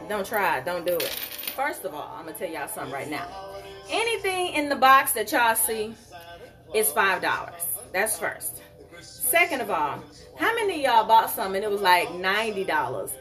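A woman hosts a live jewelry sale in a sassy, animated way, calling her viewers honey. Her voice sits high and bright, with faint music playing behind her. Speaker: online jewelry seller. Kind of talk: live sales stream.

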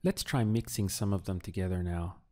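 A man teaching Spanish in an audio lesson, giving slow, deliberate prompts and pausing for the learner to answer. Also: low voice, dark tone.

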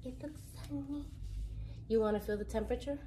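A mother leading a morning circle at home, patiently asking her child simple questions in a gentle, coaxing way. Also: a little high, fairly quick, a little hiss or hum. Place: home, partly near sunlight indoors.

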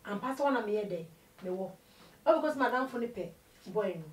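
Woman, interview guest, animated storytelling, mixing two languages, echoey room, distant mic. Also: medium pitch, fast. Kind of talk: personal life story told in an interview.

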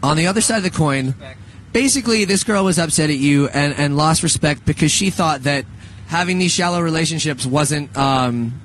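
A man's voice: on the high side, normal speed, a bit bright, a little hiss or hum. Rambling, laughing young man co-hosting. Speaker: radio show co-host. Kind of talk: casual joking radio chat.

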